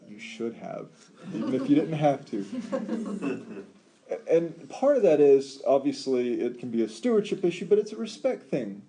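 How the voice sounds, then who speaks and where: Very dark-voiced man teaching scripture. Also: medium pitch, measured pace. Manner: animated, emphatic, with rhetorical questions and frequent ums. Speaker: Bible teacher. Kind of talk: Bible study lecture.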